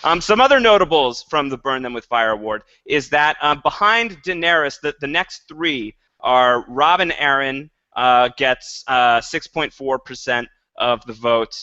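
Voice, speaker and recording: A man's voice: mid-range voice, animated, unhurried, few pauses, sharp tone, no echo. A man co-hosting a podcast in casual chat, playful and mock-dramatic. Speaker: podcast co-host. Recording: dull lo-fi podcast audio.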